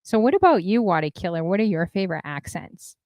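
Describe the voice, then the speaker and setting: A talkative woman host on a casual live stream, reading out chat messages and laughing often. Her voice sits a little low for a woman, and it is recorded dry and close with no room sound. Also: lively intonation, fairly quick, darkish tone, no echo. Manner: chatty, reads out chat comments, laughs often.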